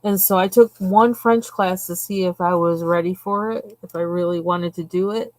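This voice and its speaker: A woman's voice: fairly low pitch, fairly even intonation, moderate pace, no room sound. A woman hosting a live stream, chatting casually and rambling from one tangent to the next while she colors. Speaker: livestream host.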